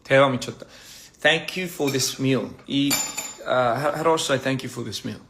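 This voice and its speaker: A man's voice: mid-range voice, normal speed, background noise. A young man on a casual phone livestream, playfully stumbling over foreign phrases while he eats. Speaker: livestream host. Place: indoors at a meal.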